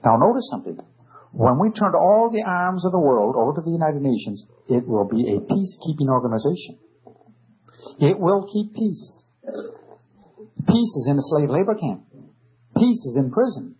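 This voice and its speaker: A man's voice: fairly high pitch, sing-song, normal speed, pauses often, husky. A man giving a sarcastic, emphatic political lecture full of rhetorical questions, on a dull old recording. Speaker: speaker.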